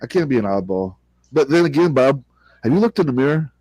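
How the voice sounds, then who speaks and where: A man's voice: medium pitch, big pitch swings, fast talker, darkish tone, breathy edge, no echo, low-quality recording. An American man co-hosting a casual interview, teasing and wisecracking. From United States. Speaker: podcast co-host.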